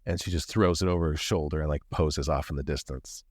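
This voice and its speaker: A man's voice: a bass voice, fairly even intonation, brisk, no room sound, clean studio sound. A man playing in an improvised tabletop role-play, talking casually, joking and swearing in character. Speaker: player.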